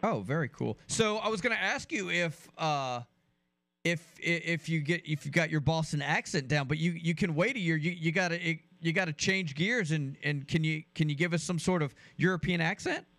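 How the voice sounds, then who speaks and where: A man's voice: fairly high pitch, normal speed, fairly bright tone, no room sound. A man co-hosting a sports talk show, friendly, often restarting his sentences. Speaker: radio co-host.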